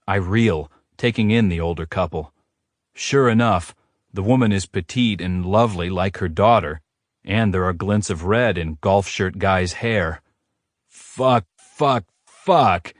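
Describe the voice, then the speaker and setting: Low-voiced male audiobook narrator. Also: no room sound, clean studio sound. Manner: steady first-person storytelling. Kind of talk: scripted romance audiobook narration.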